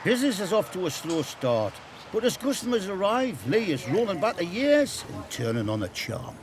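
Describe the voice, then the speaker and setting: A man's voice: high voice, sing-song, normal speed, background noise. A man narrating a documentary in a playful, punning scripted style.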